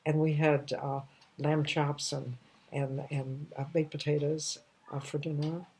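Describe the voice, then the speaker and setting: A woman in her eighties telling a personal story at home, in a halting way with restarts and soft trailing phrases. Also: deep voice, level tone, husky. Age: 80s. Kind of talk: casual storytelling monologue.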